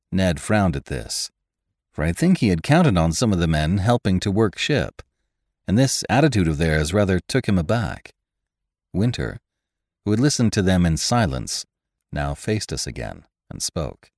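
A man reading an adventure story aloud as a podcast narrator, in expressive scripted narration. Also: low voice, moderate pace, dry recording, clean studio sound. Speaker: podcast reader.

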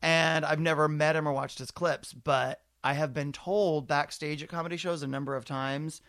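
A man who is a comedian hosting a podcast, telling stories in a campy, profane, animated way. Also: on the high side, normal speed, no room sound. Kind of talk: casual storytelling chat.

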